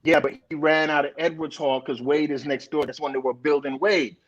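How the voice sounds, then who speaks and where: A man in a casual chat, lively and teasing, often cutting in on others. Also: fairly high pitch, a little fast, highs cut off.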